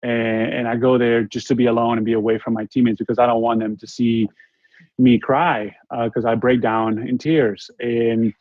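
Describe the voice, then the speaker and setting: A former basketball player from Spain, a man in his forties with a Spanish accent, tells a story as an interview guest. He sounds earnest but halting, often restarting sentences, with a flat delivery at an ordinary middle pitch. The audio is dull and lo-fi, dry and close with no echo.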